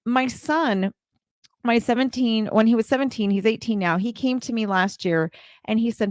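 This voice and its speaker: A woman's voice: fairly high pitch, moderate pace, a little mellow, no echo, clean studio sound. A woman in her forties gives a heartfelt motivational talk to live viewers as a community leader, speaking earnestly and repeating her phrases.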